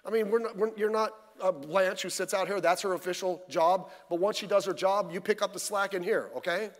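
Notably high for a man, this pastor's voice holds a steady tone as he delivers a midweek sermon a little fast. He's folksy and conversational, putting rhetorical questions to the congregation amid a long church-hall reverb.

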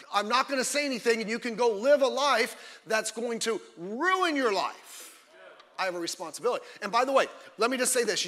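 A man preaching a sermon as a pastor, emphatic and fiery, often breaking off into quick asides. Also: extremely high pitch, pushed and bright, big-room sound.

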